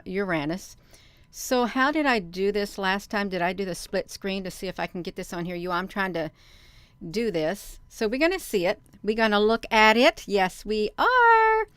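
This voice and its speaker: A woman's voice: mid-range voice, clear, resonant tone, dry recording. A woman hosting a casual livestream, chatting and rambling to her viewers. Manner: chatty, rambling, addresses viewers as "you all". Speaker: livestream host.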